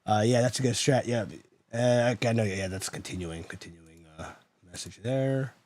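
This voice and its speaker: A man streaming live, chatting with viewers while venting his frustration as he troubleshoots his software. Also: medium pitch, moderate pace. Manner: frustrated, exasperated, swings between loud outbursts and muttering. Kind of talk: casual live-stream chat.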